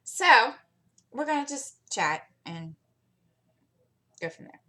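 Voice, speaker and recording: A woman's voice: a little high, big pitch swings, takes it slowly, pushed and bright. A middle-aged woman hosting her channel, chatting casually and telling rambling stories while she works on a craft. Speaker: channel host.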